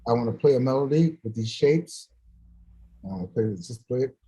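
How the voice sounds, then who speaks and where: Here a man of medium pitch talks a little fast through poor audio. As a guest musician in a laid-back chat, he spins stories, laughs frequently, and acts out the voices of the people he's quoting.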